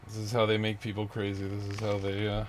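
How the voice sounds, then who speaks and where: A vlogger with a lowish voice talks fast in a completely flat delivery, ranting through a rambling monologue. Out of breath, he restarts often and laughs bitterly between thoughts, with vehicle sounds making the background noisy.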